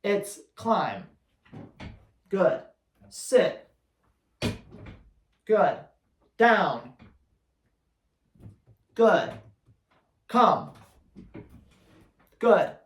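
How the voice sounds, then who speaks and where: A man's voice: high voice, big pitch swings, drawn-out words, long pauses, echoey room. A man who trains dogs, answering viewer questions in a blunt, teasing, emphatic way. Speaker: dog trainer.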